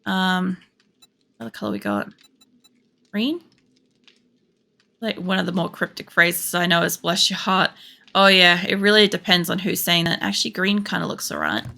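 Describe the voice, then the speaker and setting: A woman's voice: on the low side, moderate pace, creaky, pauses often, sharp tone. An Australian woman streaming a game, chatting in a rambling, casual way and swearing freely. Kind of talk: casual chat while playing. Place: home computer setup.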